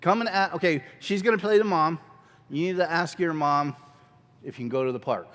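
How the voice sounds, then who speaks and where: A man leading a church skit class, coaxing volunteers in a lively way and laughing often. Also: fairly high pitch, a little fast, in a large hall. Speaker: drama workshop teacher. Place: church hall.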